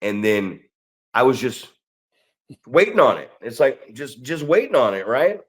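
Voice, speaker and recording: Animated sarcastic American podcast host. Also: male voice, medium pitch, unhurried. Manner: sarcastic, profane, animated storytelling. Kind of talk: casual chat.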